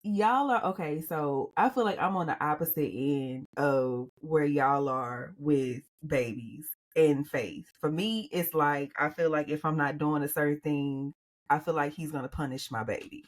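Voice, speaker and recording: A woman's voice: low voice, unhurried. A woman co-hosting a casual podcast chat, speaking earnestly and searching for words. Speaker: podcast co-host.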